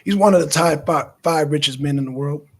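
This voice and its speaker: A man hosting a casual news chat, animated and teasing, swearing freely. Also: a little high, fairly quick, gravelly. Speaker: show host.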